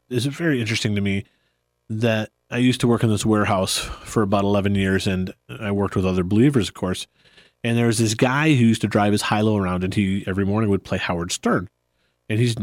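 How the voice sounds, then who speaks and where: A man hosting a podcast in a relaxed, rambling chat, often laughing. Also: on the low side, no room sound, clean studio sound. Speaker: podcast host. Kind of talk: casual chat.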